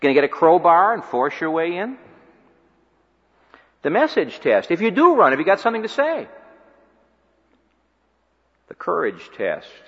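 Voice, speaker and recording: A man preaching a sermon, swinging from loud emphatic peaks to quiet low asides. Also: very animated, unhurried, pauses often, breathy edge. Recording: dull recording with long hall reverb.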